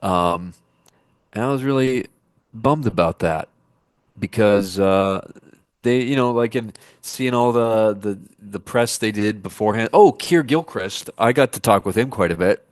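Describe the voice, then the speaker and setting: A male actor speaking as a podcast guest, his voice sitting a little low. He tells stories in a loose, animated way, slipping into the voices of the people he quotes. The sound is dry and close, with no room echo. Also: measured pace. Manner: animated storyteller who acts out quoted dialogue. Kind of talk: casual podcast interview.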